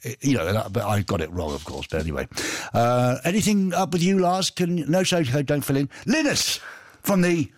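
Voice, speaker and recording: A man's voice: mid-range voice, sing-song, normal speed, dry recording, studio quality. A man hosting a casual radio show, chatty and jokey, reading out messages and poking fun at himself. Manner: jokey, chatty, self-mocking. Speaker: radio host.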